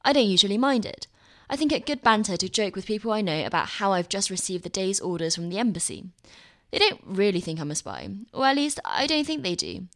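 A woman reading her own opinion column aloud with a wry, lively delivery. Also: mid-range voice, brisk.

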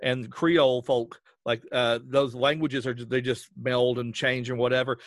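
A man's voice: medium pitch, moderate pace, no room sound, clean studio sound. A man with a Southern Appalachian accent, a voice actor chatting as a podcast guest and acting out voices as he tells stories. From western North Carolina. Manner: animated storyteller who acts out voices. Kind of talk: casual chat.

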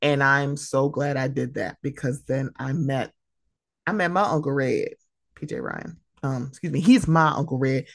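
Low-voiced woman podcast host, dry mic. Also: normal speed, gravelly, no echo. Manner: emotional, tearful at times, animated storytelling. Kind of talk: casual solo podcast monologue. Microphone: close podcast mic.

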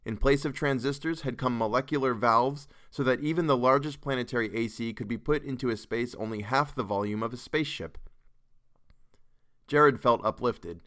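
A man narrating a science fiction story in a measured, expressive reading. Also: mid-range voice. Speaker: podcast reader.

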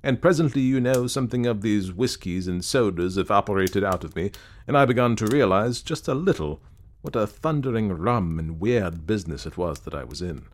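Brief: male narrator, lowish voice, dry and self-assured reading of a story. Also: animated, normal speed. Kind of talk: scripted narration.

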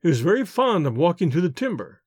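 A man voicing a calm, respectful male servant in a storybook, polite and unruffled. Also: a little high, quick pace, dry recording, studio quality. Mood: deferential. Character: calm, deferential male manservant.

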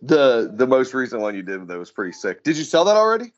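A man's voice: medium pitch, big pitch swings, fast talker, slight background noise. A man hosting a podcast, talking casually with lots of fillers and swearing. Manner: casual, profane, rambling with fillers. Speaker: podcast host. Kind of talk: casual chat. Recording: dull lo-fi sound.

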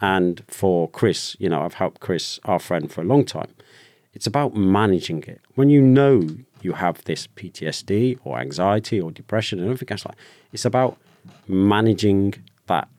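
A British man, a former soldier, telling a personal story openly in a podcast conversation, with halting restarts. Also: sits low, lively intonation, darkish tone, dry recording. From Britain. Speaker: guest, ex-soldier.

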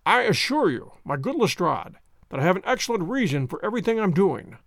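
A man's voice: high voice, big pitch swings, brisk, gravelly, a bit bright, no echo, clean studio sound, full character voice. A man reading a story aloud, voicing a poised, theatrical detective who speaks with precise courtesy. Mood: assured. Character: poised, theatrical male detective, fond of pomp. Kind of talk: audiobook character voice.

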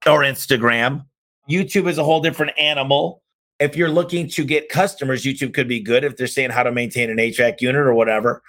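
A man's voice: medium pitch, fairly bright tone. A man hosting a podcast, answering listener questions with punchy, emphatic business advice and sudden exclamations. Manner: talks fast by his own account.

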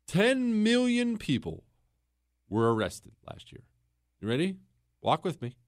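A man's voice: high voice, wildly swooping pitch, a little slow, no echo, clean studio sound. A man hosting a talk show, telling a story in an opinionated monologue full of rhetorical questions. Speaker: political podcast host.

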